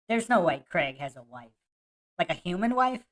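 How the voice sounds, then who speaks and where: A woman hosting a podcast, laughing often and mocking as she talks through a debate clip and reads chat comments aloud. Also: fairly low pitch. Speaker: podcast host. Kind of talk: casual live-stream commentary.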